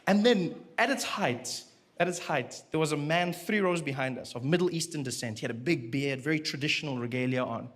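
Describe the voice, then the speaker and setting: A man's voice: on the high side, fairly quick. A man from doing a stand-up comedy routine, telling stories animatedly and acting out voices, recorded in a noisy live venue. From South Africa.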